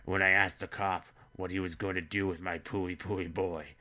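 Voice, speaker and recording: A man's voice: deep voice, level tone, moderate pace, bright, forceful tone. A man telling an absurd, crude comedy story in a rambling way as the show's narrator.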